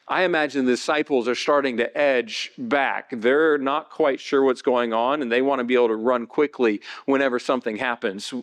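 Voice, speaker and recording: A male pastor preaching a sermon, retelling a Bible story vividly and building to excited, high-pitched passages. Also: gravelly.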